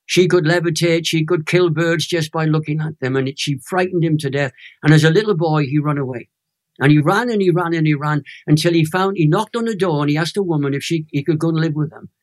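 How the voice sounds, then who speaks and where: A Welsh man in his eighties, a Christian minister telling a personal testimony as an interview guest, animated and emotional. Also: on the high side, brisk. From Wales. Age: 80s.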